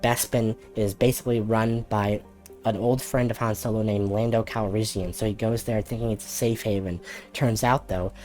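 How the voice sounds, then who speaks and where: A low-voiced man tells a story in a casual, comedic way. He rambles, restarts, and drops in quick impressions. Faint music plays under him. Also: fairly even intonation, a little mellow. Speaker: host.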